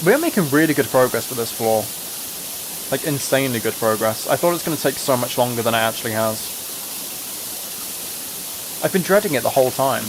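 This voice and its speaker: A young British man hosting a relaxed livestream, chatting casually and rambling as he answers his chat. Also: medium pitch, brisk, long pauses. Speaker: livestream host. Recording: steady hiss of spraying water behind.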